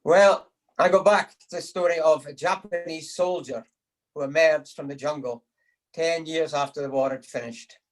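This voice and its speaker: Over a video call at a supper, a man gives a toast to the lassies, telling after-dinner jokes, acting out the quotes, and chuckling at his own punchlines. His voice is on the high side with a steady tone and normal speed, though the audio is poor.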